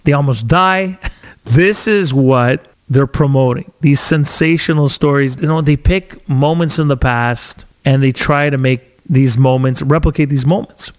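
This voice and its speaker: A man's voice: medium pitch, a little slow. A man hosting a podcast from a studio, delivering an agitated, sarcastic opinion monologue. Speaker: podcast host.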